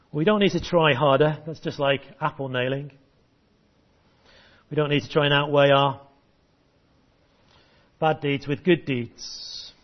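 Pastor guy, fairly high voice, dull lo-fi church recording, coaxing kids and congregation. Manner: encouraging, leads group call-and-response. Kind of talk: sermon with children's verse activity. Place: church service.

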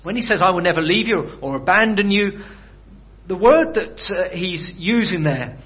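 A man's voice: high-pitched, lively intonation, moderate pace, muffled recording. A man preaching a sermon in a conversational way, often putting rhetorical questions to his listeners.

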